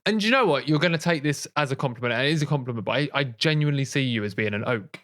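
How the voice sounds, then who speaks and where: A young man co-hosting a casual nature podcast, playful and quick to laugh. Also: medium pitch. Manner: playful, laughs often, animated. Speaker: podcast co-host.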